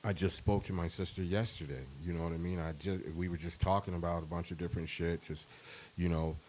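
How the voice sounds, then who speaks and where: Deep low-voiced guy on a podcast, choked up and holding back tears, swears a lot, keeps restarting. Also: fairly even intonation, a little mellow, a little hiss or hum. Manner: heartfelt, profane, halting with restarts. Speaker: podcast co-host. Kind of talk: emotional casual podcast talk.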